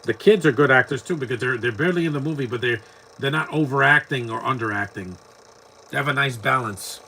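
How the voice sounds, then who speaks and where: A man's voice: medium pitch, fast, bright, forceful tone, a little hiss or hum. A man giving casual live commentary over a movie, mocking scenes and laughing often.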